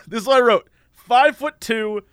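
Brief: male podcast host, high lively voice, laughing storyteller, dry close sound. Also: normal speed, clean tone, dry recording. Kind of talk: casual chat storytelling.

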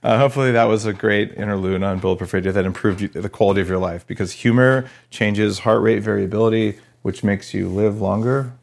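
A man from New Mexico hosts a podcast interview in his home studio, speaking in a lowish voice with vocal fry. He's chatty and joking, rambling quickly in a casual way.

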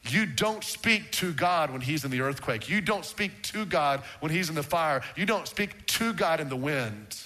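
A man preaching a sermon to a congregation, swinging from raised emphatic lines to hushed low words. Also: expressive, unhurried, few pauses. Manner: rises in pitch for emphasis, drops to a hushed low tone. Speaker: pastor. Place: church sanctuary with congregation. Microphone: handheld or stand microphone.

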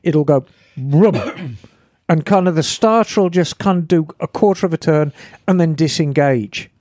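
A woman, co-hosting a podcast in a chatty, lively way with playful asides. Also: low-pitched, normal speed, dry recording, studio quality. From England. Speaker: podcast co-host. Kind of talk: casual podcast chat.

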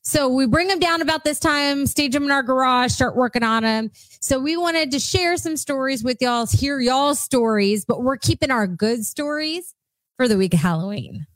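A woman's voice: high-pitched, animated, moderate pace, no echo. A woman, co-hosting a casual cocktail-making show, playful and crude, laughing often. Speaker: co-host.

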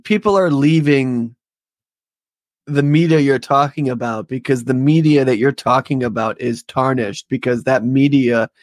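A man's voice: medium pitch, a little slow, no room sound, studio quality. Rambling male podcast co-host. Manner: rambling, filler-heavy, talkative. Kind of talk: casual political podcast chat.

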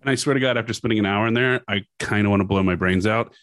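A man's voice: on the low side, fast talker, fairly bright tone, no echo, soft background music. A man co-hosting a casual podcast chat, rambling along and laughing often.

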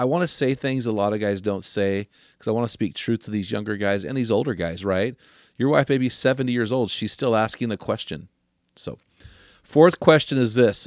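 An older man hosting a podcast, giving earnest advice to men and slowing down to stress key questions. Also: medium pitch, no echo, studio quality. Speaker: podcast host.

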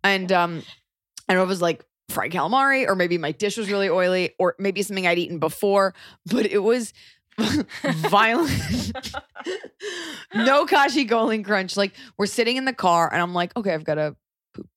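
A woman's voice: mid-range voice, normal speed, dry recording, studio quality. A woman in her thirties co-hosting a podcast, telling a story in casual chat and acting out the voices of the people in it. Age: 30s. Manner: animated storytelling, acts out voices. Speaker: podcast co-host.

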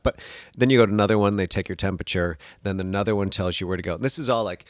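A man telling a funny story in casual chat, animated, lifting into higher, sillier voices when he quotes people. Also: rapid-fire, no room sound, clean studio sound.

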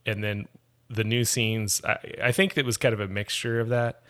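A man's voice: on the low side, little pitch movement, moderate pace, a bit bright. A man co-hosting a podcast, chatting casually and thoughtfully, often correcting himself. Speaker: podcast co-host. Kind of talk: casual chat.

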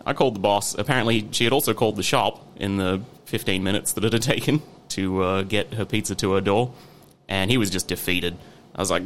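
A man's voice: lowish voice, fast talker, slight background noise. A man co-hosting a podcast, telling a work story in a dry, casual way. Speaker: podcast co-host. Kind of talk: casual chat.

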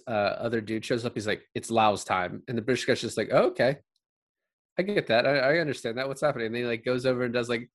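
A man's voice: mid-range voice, no echo, studio quality. A man in casual conversation, rambling through a film and acting out the characters' lines as he goes. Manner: rambling, animated retelling with quoted voices. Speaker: podcast co-host discussing a film. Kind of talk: casual chat.

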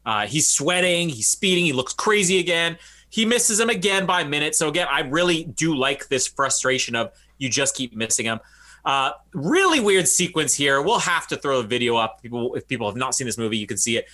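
Male podcast co-host, higher bright voice, loose chatty delivery with frequent laughs. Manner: laughs often, animated, does quick funny voices for quoted characters. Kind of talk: casual movie-review chat.

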